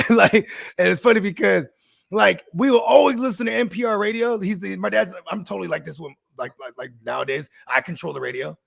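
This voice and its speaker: A man's voice: high voice, fairly quick, gravelly, a bit bright, no room sound, clean studio sound. A man co-hosting a podcast, talking in a loose, profane, slangy way. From California. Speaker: podcast co-host. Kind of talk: casual chat.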